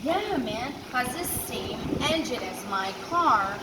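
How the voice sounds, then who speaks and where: A woman streamer casually telling a story, animated and swearing as she acts out quotes. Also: a little high, slow pace, echoey room, very noisy. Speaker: streamer host.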